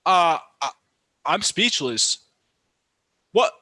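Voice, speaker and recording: A young man on a live stream does excited basketball play-by-play and reactions, quick to rant about calls. He's animated, with lots of fillers and restarts, and his voice is on the high side in a dry recording.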